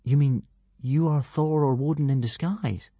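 A woman's voice: low voice, normal speed, mellow, breathy edge, no echo. A woman voicing a polite, earnest young boy who speaks plainly. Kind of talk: audiobook character voice.

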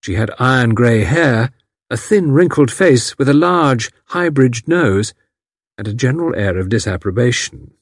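Lively husky male narrator. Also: medium pitch, unhurried, no room sound, studio quality. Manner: lively, expressive reading. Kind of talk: audiobook narration.

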